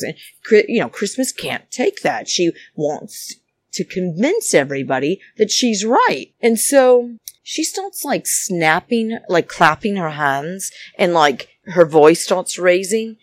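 A woman's voice: lowish voice, very animated, slow, no echo. A woman chatting casually as she recaps a reality show, rambling and indignant in her asides.

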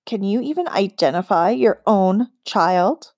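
A woman voicing a proud, cold female forest witch queen in an audiobook, speaking slowly and deliberately with mocking scorn. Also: mid-range voice, lively intonation, darkish tone, no room sound, clean studio sound. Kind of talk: audiobook character reading.

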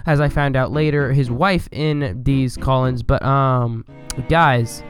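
A man's voice: mid-range voice, steady tone, slow, faint music behind. A man hosting a casual podcast, answering listener call-ins in a playful, rambling, mock-serious way. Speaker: podcast host.

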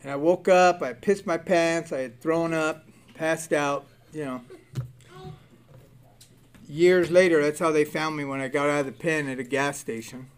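A man's voice: fairly high pitch, fairly even intonation, a little slow, smooth. A man in his sixties from Southern California telling his recovery story bluntly and profanely, acting out the people in it. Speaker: recovery speaker. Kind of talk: personal testimony, storytelling.

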